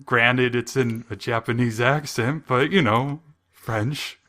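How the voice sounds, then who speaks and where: Young male podcast co-host, bright forceful tone, dry sarcastic recap with chuckles. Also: mid-range voice, slow. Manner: wry, sarcastic storytelling with frequent chuckles. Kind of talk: casual podcast chat.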